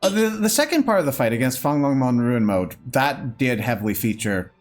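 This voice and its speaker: Man making dry remarks, mid-pitched. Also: very animated, brisk. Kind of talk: casual chat while playing. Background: game music.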